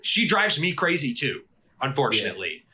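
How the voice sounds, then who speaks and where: A man co-hosting an anime podcast in casual chat, animated and swearing, acting out characters' lines. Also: medium pitch, moderate pace. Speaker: podcast co-host.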